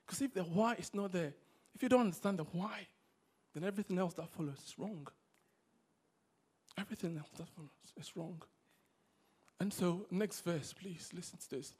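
High-pitched preacher swinging loud and soft. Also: male voice, moderate pace, breathy edge. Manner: swings between loud exhortation and quiet asides. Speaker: pastor. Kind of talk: sermon. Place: church service.

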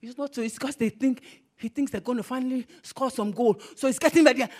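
A married woman preaching a sermon, animated and swinging into bursts of shouting. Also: high voice, fast talker, some chatter behind. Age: adult, married.

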